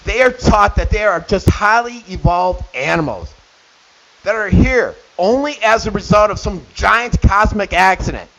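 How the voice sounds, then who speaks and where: A man's voice: high voice, expressive, unhurried, a bit bright. A middle-aged man hosting a radio show, delivering an indignant opinion monologue with sarcastic asides. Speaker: radio host. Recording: dull lo-fi with faint hiss.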